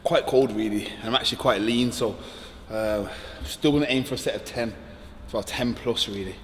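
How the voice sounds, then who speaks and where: A bodybuilder giving a casual gym workout tutorial, chatty and relaxed, with lots of ums. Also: male voice, mid-range voice, normal speed, big-room sound, a little hiss or hum. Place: echoey gym. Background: music playing.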